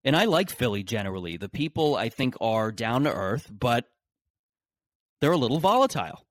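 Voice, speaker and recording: A man's voice: medium pitch, very animated, moderate pace, no echo, clean studio sound. A man hosting a podcast in a casual solo monologue, rambling and sarcastic, with frequent restarts. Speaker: podcast host.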